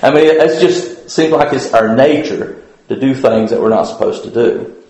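A man's voice: medium pitch, normal speed, darkish tone. A man giving an informal Bible lesson at church in a folksy, rambling way, with many fillers and restarts. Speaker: Bible study teacher. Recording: very echoey room.

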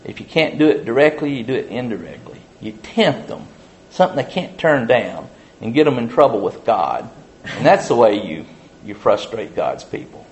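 A man's voice: medium pitch, big pitch swings, normal speed. A man teaching a casual Bible study, telling the story in a rambling, folksy way full of "uh" and "you know".

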